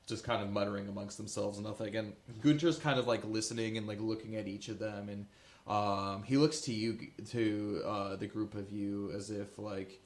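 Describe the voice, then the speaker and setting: A man narrating a tabletop game as game master, in a casual, halting way with many fillers. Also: on the low side, fairly even intonation. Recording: echoey room with faint music.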